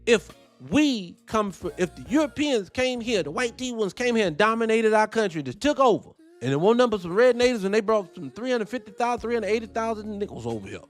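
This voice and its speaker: A man hosting casual reaction commentary, animated and profane, firing off rhetorical questions. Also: high voice, brisk, few pauses, soft background music. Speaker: host.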